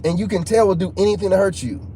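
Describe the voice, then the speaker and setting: Slangy man telling a story, soft hum behind. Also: high-pitched, fast talker. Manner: emphatic, repeats himself, casual slang. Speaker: channel host. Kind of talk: casual storytelling to viewers. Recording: faint background noise.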